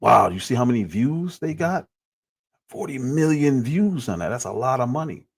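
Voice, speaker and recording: A man's voice: mid-range voice, very animated, normal speed, creaky, breathy edge. A man in his forties giving critical, exasperated commentary on clips during a livestream.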